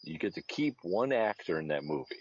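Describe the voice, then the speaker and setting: A man with a very deep, low voice co-hosting a casual podcast. He talks in a laid-back, wry way and swears casually. His mic sounds a little dull, with a faint hiss underneath. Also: big pitch swings, a little fast. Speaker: podcast co-host.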